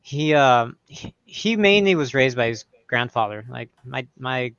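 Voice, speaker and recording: A woman chatting on a group livestream call, excitable and full of restarts, slipping into imitations of accents she has heard. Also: a bass voice, a little slow, smooth, no echo, muffled recording. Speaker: livestream co-host. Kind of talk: casual group chat.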